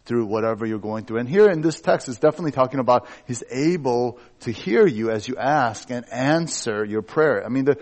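Middle-aged pastor guy, chatty sermon, candid, jokes about himself, normal pitch. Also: expressive, brisk, few pauses, a little mellow. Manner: candid, personal and self-joking. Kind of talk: conversational sermon.

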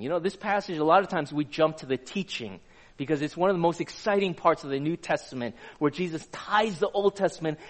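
Man, high-pitched, preaching, conversational, quizzes the audience, live congregation. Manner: conversational, asks the audience questions. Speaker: pastor. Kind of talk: sermon.

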